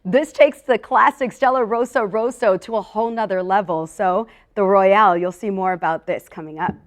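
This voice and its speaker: A woman's voice: mid-range voice, moderate pace. A woman hosting a live wine tasting in a casual, upbeat way. She talks straight to her viewers and drifts into personal stories and asides. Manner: talks straight to viewers, calling them "you guys".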